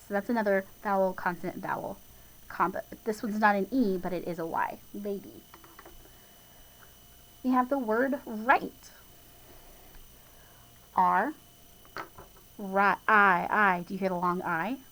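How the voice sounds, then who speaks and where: A woman's voice: mid-range voice, a little hiss or hum, rough recording. Patient woman teacher spelling words out. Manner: patient, spells words out letter by letter, sounds out each part; self-deprecating, chuckles at own slips. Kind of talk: spelling lesson for kids.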